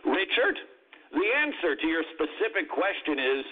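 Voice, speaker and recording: A man's voice: on the high side, sing-song, normal speed, slightly rough. A man teaching on a Christian radio show, answering a listener's question in an emphatic, conversational way with wry asides. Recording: phone-like lo-fi radio audio.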